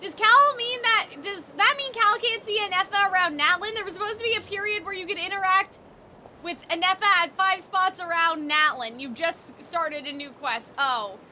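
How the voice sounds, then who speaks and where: A woman's voice: extremely high pitch, normal speed, bright, forceful tone, slight background noise. A young woman streamer chatting while reading game text aloud and reacting to chat.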